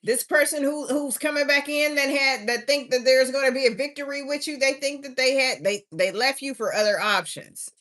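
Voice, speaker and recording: A woman's voice: sits high, normal speed, hardly any pauses, a bit bright. A tired woman doing a chatty, drawling live tarot reading, with sing-song refrains. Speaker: tarot reader streaming live. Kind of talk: casual livestream tarot reading.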